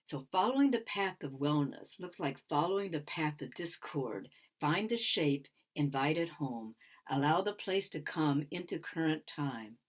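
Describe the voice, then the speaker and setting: A woman's voice: low-pitched, lively intonation, unhurried, husky. An older woman giving a musing conference talk on sound healing, repeating phrases and sometimes dropping to a whisper. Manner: musing, repetitive, drops into whispers.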